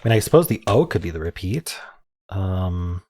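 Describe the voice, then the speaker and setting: A man with a fairly low voice talks himself through word puzzles in a soft, meandering way. He hesitates often, trails off into ums, and chuckles quietly at his own guesses. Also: sing-song, normal speed. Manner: muttering, hesitant, many ums, self-amused. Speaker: word game streamer. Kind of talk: thinking aloud while solving puzzles.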